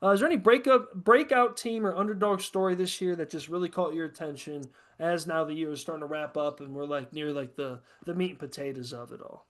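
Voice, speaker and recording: A man hosting a casual podcast chat, talking in a profane, excitable, ranting way. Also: fairly high pitch, brisk, hardly any pauses. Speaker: host.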